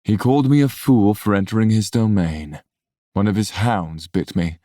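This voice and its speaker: A brooding scarred warrior with a very deep voice, quiet and guarded in his speech, as a man voices him. The reading sounds close and dry, with no room in it. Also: moderate pace, no room sound, natural voice. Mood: somber.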